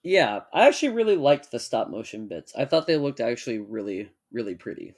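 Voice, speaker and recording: A young man co-hosting a casual chat, joking and laughing often, and reading text aloud at a measured pace. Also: medium pitch, sing-song, darkish tone. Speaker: podcast co-host.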